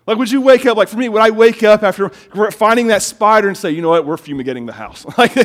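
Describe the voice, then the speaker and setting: A middle-aged man preaching a sermon as pastor, telling stories in an animated way and often repeating words as he gets excited. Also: high voice, quick pace.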